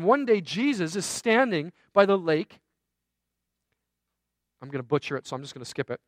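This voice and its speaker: A man's voice: high-pitched, fairly bright tone, no room sound. Conversational male pastor telling a story. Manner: conversational storytelling, self-deprecating asides. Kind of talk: sermon.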